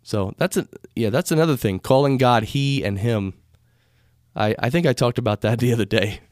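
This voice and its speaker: A man's voice: mid-range voice, moderate pace, darkish tone, no room sound, studio quality. Rambling American man musing on spirituality. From United States. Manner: rambling, conversational, self-correcting. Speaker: podcast host. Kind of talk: casual spiritual talk. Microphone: studio microphone.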